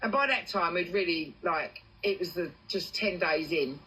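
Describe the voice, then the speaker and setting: Husky, bright-voiced English woman swearing freely. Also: on the low side, moderate pace, rough recording. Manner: swearing, animated storytelling. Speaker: TikTok livestreamer. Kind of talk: casual livestream chat.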